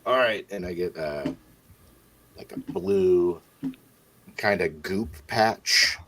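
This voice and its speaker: A man playing a tabletop role-playing game, calmly describing his character's actions in first person. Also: low-pitched, takes it slowly. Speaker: player.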